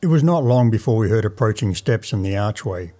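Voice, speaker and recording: Mellow-voiced man reading a story aloud. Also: fairly low pitch, animated. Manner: measured, dramatic first-person narration. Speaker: audiobook narrator. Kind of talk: storybook reading of a classic tale.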